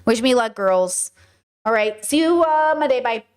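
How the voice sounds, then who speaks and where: A woman streaming live, talking casually to her viewers in an animated, sarcastic way. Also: fairly high pitch, measured pace, smooth. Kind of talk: casual livestream chat.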